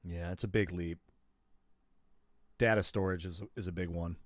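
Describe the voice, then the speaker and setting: A man's voice: sits low, fairly even intonation, normal speed, dry recording. A man in his thirties chatting casually on a gaming livestream, rambling and slangy as he talks to viewers. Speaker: gaming streamer.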